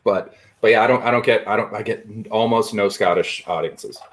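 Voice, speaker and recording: Easygoing wry man with a low voice. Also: fairly quick. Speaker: comedian co-hosting a stream. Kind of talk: casual chat.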